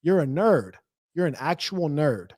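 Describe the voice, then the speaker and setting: A man trash-talks his opponents on a livestream, combative and slangy. His voice sits a bit high. The sound is close and dry, with no room echo. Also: sing-song, a little slow, a little mellow. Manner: confrontational, trash-talking, slangy. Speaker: livestream debate host. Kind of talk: heated livestream commentary.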